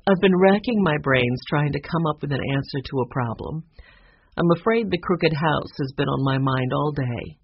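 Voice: medium pitch, moderate pace, a little hiss or hum, natural voice. A narrator doing a kindly old housekeeper. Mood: fretful. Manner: soft, fretful. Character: kindly older housekeeper, gentle and worried. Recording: dull lo-fi recording.

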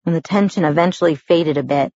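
A woman narrating a first-person novel as an audiobook, in a measured storytelling manner. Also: low voice, creaky, mellow, highs cut off, a little hiss or hum.

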